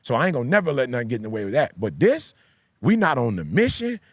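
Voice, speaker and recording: A man's voice: mid-range voice, big pitch swings, quick pace, breathy edge, dry recording. A man who is a pastor and podcast host, talking in a casual discussion with an emphatic, repetitive preaching cadence. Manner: emphatic, repeats key phrases like a preacher.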